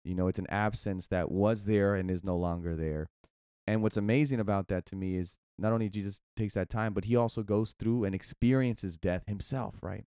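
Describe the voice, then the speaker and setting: A man co-hosting a casual faith discussion, who talks in an animated, casual way with plenty of "dude" and "man". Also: on the low side, moderate pace, clean tone, no echo, clean studio sound. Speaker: podcast co-host.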